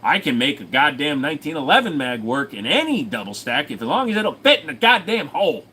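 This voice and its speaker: Casual male streamer, brash and profane, rambling with an animated delivery. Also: on the high side, fairly quick, slight background noise. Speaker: host. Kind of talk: casual livestream chat.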